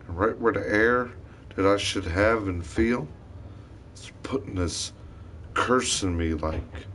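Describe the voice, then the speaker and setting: A man's voice: on the low side, slow pace, a bit bright, slight background noise. Man in a rambling, profane monologue. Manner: profane, wandering storytelling.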